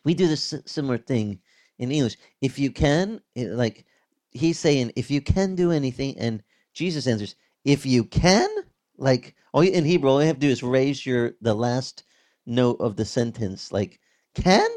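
A male pastor preaching a sermon, reading scripture and explaining it in a conversational, animated teaching manner with vivid reenactments. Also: medium pitch, moderate pace.

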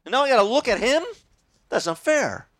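A man's voice: extremely high pitch, sing-song, fairly quick, fairly bright tone, voice pushed up, full character voice. A man whining as grumbling Israelites. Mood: indignant. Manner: whining, complaining. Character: whiny grumbling crowd of ancient Israelites.

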